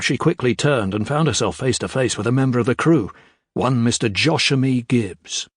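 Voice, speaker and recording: A man reading a children's adventure audiobook in measured, expressive narration. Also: mid-range voice, breathy edge, no room sound. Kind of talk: scripted narration.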